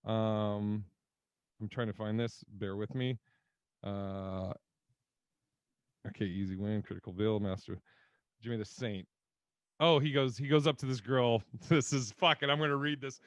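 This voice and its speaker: A man's voice: fairly low pitch, measured pace, pauses often, dry recording. A man co-hosting a podcast in casual chat, rambling and laughing, swearing freely. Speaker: podcast co-host.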